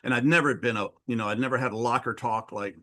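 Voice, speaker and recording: A man's voice: medium pitch, quick pace, bright, forceful tone. A middle-aged man hosting a podcast interview, sharing personal reflections in an earnest way. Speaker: podcast host. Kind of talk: conversational interview.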